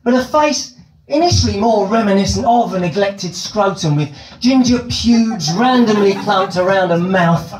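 A man's voice: sits high, animated, moderate pace, reverberant, a little hiss or hum, low-quality recording. A British man doing stand-up comedy, telling a long story in elaborate, ironic phrasing on a club stage with a handheld mic.

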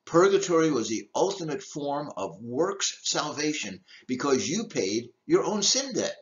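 Older man preaching with a lively voice. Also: a little high, measured pace, highs cut off. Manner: emphatic, rhetorical questions, lively delivery. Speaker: deacon. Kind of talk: teaching talk on church history.

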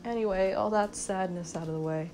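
Talking a bit fast at medium pitch, a teenage vlogger rambles into her phone mic late at night after no sleep. She's giggly, mumbling and self-mocking, with background noise behind her.

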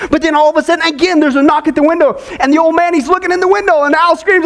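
High-voiced pastor telling a joke story, playful, keeps the crowd involved. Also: male voice, very fast, hardly any pauses, slight background noise. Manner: animated, joking, draws in the audience. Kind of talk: sermon storytelling.

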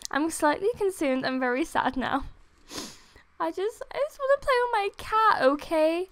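A young woman giving casual, excitable commentary while playing a game late at night. She is tired but gushing and giggly, and often squeals. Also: very high-pitched, moderate pace. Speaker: gaming video creator. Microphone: desktop USB microphone.

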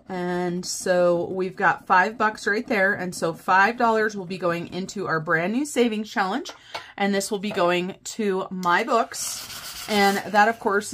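A woman's voice: medium pitch, a bit bright. A woman chatting casually to her viewers as a budgeting vlogger, bubbly and gushing. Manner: bubbly, gushing, often says "you guys". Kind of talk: casual chat to camera.

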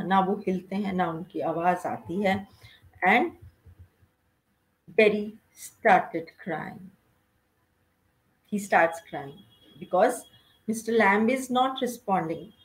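A woman's voice: fairly low pitch, fairly quick, long pauses, poor audio. Teacher lady going through a play, asks the class questions as she goes. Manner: explanatory, asks rhetorical questions. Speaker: English teacher. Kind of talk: recorded lesson explaining a play.

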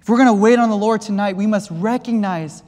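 A man's voice: high-pitched, fairly quick. Male preacher, impassioned, rising and falling, long church reverb. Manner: impassioned, swinging from loud to hushed. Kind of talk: sermon. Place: church sanctuary.

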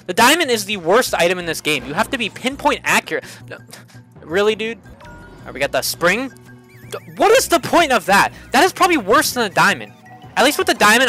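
A young man giving excitable, swearing commentary while playing a kart racing game, often jumping up into high yelps. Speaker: gaming channel host. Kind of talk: let's play commentary.

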